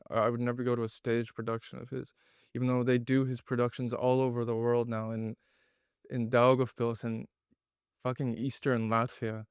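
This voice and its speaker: A man's voice: medium pitch, clean tone, no echo, studio quality. A man from Ireland with an Irish accent, a playwright being interviewed, blunt and self-deprecating with frequent swearing. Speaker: playwright guest. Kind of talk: casual interview.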